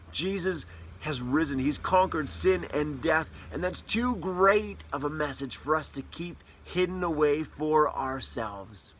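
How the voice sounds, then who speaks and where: Animated man preaching, slightly high voice. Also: a little slow. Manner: animated storyteller with wide swings in loudness and pace. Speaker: pastor. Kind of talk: sermon.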